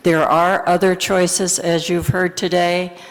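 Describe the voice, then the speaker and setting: A woman's voice: fairly low pitch, level tone, takes it slowly. A longtime resident woman speaking firmly and directly at a council hearing. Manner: firm, direct. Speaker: local resident commenter. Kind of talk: public comment at a council hearing. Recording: reverberant council chamber.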